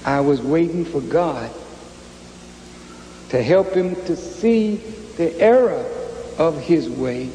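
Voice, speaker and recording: Slow, mellow-voiced male minister. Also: fairly high pitch, animated, slight background noise. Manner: measured, deliberate, solemn. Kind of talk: slow formal address to an audience. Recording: echoey hall with faint ambience.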